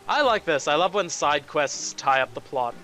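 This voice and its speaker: Over the game music, a let's play host offers casual, playful commentary, clearly amused as he plays. His fairly high voice is expressive, bright, and forceful, moving at a moderate pace.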